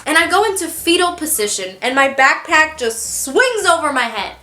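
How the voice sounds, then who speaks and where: A young woman telling embarrassing stories to the camera in a casual, animated and self-mocking way, acting out the quotes. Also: very high-pitched, normal speed, hardly any pauses, roomy sound, faint music behind. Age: young adult. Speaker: vlogger.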